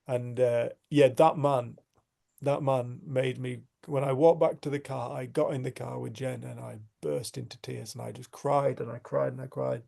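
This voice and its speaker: A man with a deeply gravelly, mellow voice tells a personal story to his community group. He speaks earnestly and reflectively, often restarting his sentences as he gathers his thoughts. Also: fairly even intonation, normal speed. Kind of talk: storytelling in casual conversation.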